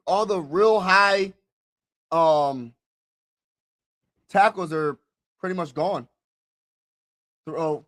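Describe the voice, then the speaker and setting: Hyped young guy doing a live draft reaction stream, chatty, keeps repeating himself, kinda high voice. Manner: excitable, talks to viewers directly, repeats himself. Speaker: streamer hosting a draft watch party.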